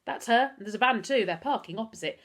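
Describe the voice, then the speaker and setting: A woman voicing a big, mean, oafish man who talks gruffly and mockingly. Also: a little high, animated, fast, voice pushed up, lightly acted.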